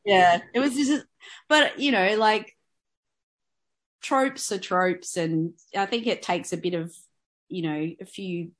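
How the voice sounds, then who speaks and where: A woman co-hosting a podcast, chatting casually in an expressive, self-deprecating way. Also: medium pitch, slow, pauses often. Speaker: podcast co-host. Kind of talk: casual chat.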